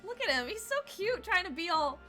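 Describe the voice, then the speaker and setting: A young woman streaming a game, reacting excitedly, laughing and swearing between voiced lines. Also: very high voice, brisk, soft background music. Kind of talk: gameplay commentary with voiced reading.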